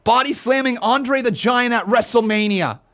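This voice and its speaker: High-voiced, excitable streaming man. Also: moderate pace. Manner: excitable fan reactions, reading chat donations. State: out of breath. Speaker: live-stream host. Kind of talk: wrestling watch-along commentary.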